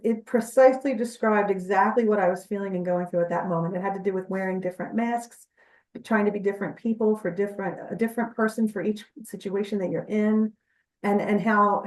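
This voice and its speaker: A woman's voice: mid-range voice, darkish tone, distant mic. A woman guest in an interview, telling her experiences and explaining in an earnest, chatty way. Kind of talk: conversational interview storytelling. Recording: echoey room, off-mic.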